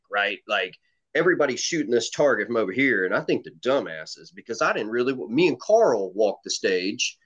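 A man's voice: medium pitch, lively intonation, normal speed. Rambling man telling stories, lo-fi audio. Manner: rambling storytelling with swearing and fillers. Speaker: competitive shooter guest. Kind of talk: casual podcast chat. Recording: dull lo-fi audio.

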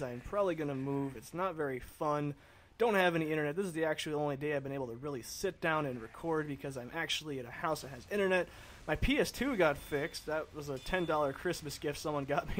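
A man's voice: a little high, fairly bright tone. A young man chatting in casual, rambling commentary, easily sidetracked and talking straight to his viewers. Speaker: gaming video commentator.

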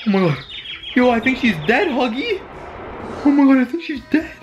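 A young man giving excitable reaction commentary as a YouTuber, shouting, gasping and saying "yo" and "literally" constantly. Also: very high-pitched, moderate pace, highs cut off. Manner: excitable, shouts and gasps, says "yo" and "literally" a lot. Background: music playing.

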